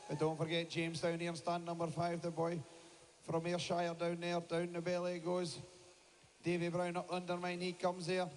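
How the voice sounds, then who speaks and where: Guy commentating live, high voice, dead flat monotone, big echoey hall. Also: a little hiss or hum. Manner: rapid play-by-play, urging the crowd to cheer. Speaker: shearing commentator.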